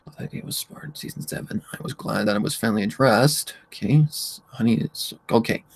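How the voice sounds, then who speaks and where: A man's voice: lowish voice, a little fast, creaky, slightly rough. A man chatting casually on a livestream, rambling and swearing while he reads the chat aloud and hums to himself as he scrolls. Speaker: livestream host.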